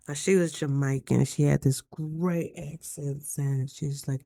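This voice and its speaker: A woman vlogging casually to camera, telling stories with playful sass and jumping high in pitch when she quotes herself. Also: moderate pace, gravelly, few pauses, dry recording. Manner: animated storytelling with playful sass.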